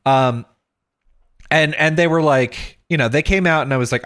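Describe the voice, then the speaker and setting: A man's voice: a little high, normal speed, fairly bright tone. A man hosting a podcast, telling a long story in casual chat. He acts out the people he quotes, swears, and laughs as he goes. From Texas. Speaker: podcast host.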